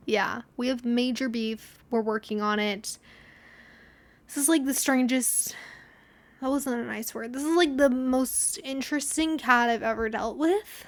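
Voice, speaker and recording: A woman's voice: fairly high pitch, normal speed, no room sound. A young woman hosting a casual solo podcast, telling stories with swearing, laughter and acted-out quotes. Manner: chatty storytelling with frequent swearing and laughter; acts out quotes in dramatic voices. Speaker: podcast host.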